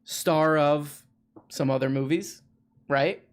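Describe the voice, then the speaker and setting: A man's voice: on the high side, steady tone, takes it slowly. A man hosting a live stream, chatting casually and jokingly with a caller, with lots of restarts. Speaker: livestream host.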